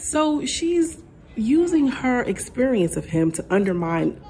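A woman's voice: fairly high pitch, sing-song, unhurried, dark tone. A woman giving casual opinion commentary in a sassy, blunt way, talking straight to her viewers. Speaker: commentary vlogger.

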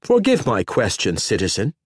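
A male audiobook narrator voicing a brisk, bossy woman administrator in a high, raised voice. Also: huge pitch swings, husky, no room sound, studio quality, exaggerated voice. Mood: dry. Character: brisk middle-aged woman regiment administrator.

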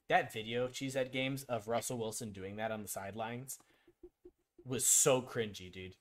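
A man's voice: medium pitch, a bit bright. A man chatting casually on a live stream, rambling through sports picks, answering viewers by name and giving blunt, slightly profane opinions. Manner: rambling, talks to chat viewers, frequent ums and restarts.

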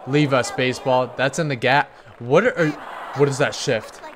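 Guy yelling at a baseball game he's playing, super hyped, cheers his players by name. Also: mid-range voice, moderate pace, background noise. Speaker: gaming YouTuber. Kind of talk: excited game commentary.

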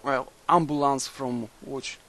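A young man quietly musing aloud while playing a strategy game, halting and thinking out loud. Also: mid-range voice, steady tone, faint music behind, poor audio. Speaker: video game commentator. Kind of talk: late-night let's play commentary.

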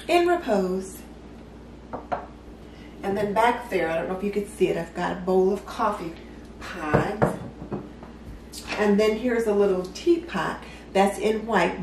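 A woman's voice: mid-range voice, a little mellow, far from the mic, a little hiss or hum. A chatty middle-aged woman walks through her kitchen decor in an upbeat, homey way. Her voice sits in a middle range and has a roomy echo. She sounds set a little back from the mic. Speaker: home decor vlogger. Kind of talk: casual show-and-tell tour. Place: home kitchen.

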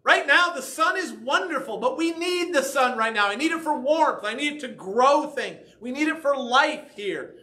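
Male pastor, sermon, high pitch, bright voice, chatty asides to the congregation. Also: animated, moderate pace. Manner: conversational, frequent "right?" and "okay?" asides. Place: church sanctuary.

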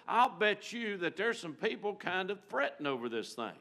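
A man preaching a storytelling sermon in a church, folksy and emotional, rising loud and dropping to a near-hush. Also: sits high, very animated, normal speed, vocal fry, hardly any pauses. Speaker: guest preacher. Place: church sanctuary.

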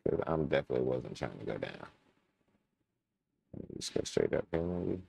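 A man's voice: extremely low pitch, sing-song, normal speed, vocal fry, warm tone, a little hiss or hum. A young man casually commenting while playing a game, chatting to his viewers and muttering when frustrated. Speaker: gaming channel host. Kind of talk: casual let's-play commentary.

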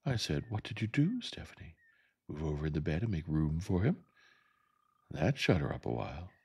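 A man reading the part of a sharp-tongued older Southern woman neighbor in a gentle audiobook reading, with a dry, firm, plain-spoken delivery. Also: a bass voice, very animated, moderate pace, vocal fry, husky, full character voice.

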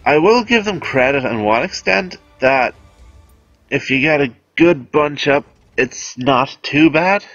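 Game guide host: man, unhurried, offhand and chatty, dull dry home mic with faint music underneath. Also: fairly high pitch, lively intonation, fairly bright tone, dry recording. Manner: chatty, offhand, self-amused. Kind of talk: casual gameplay commentary.

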